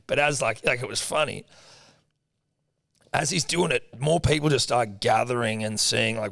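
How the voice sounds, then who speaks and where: Gravelly, laid-back guy. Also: medium pitch, normal speed, dry recording, clean studio sound. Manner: laid-back, swearing, animated retelling. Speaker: podcast co-host. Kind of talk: casual storytelling chat.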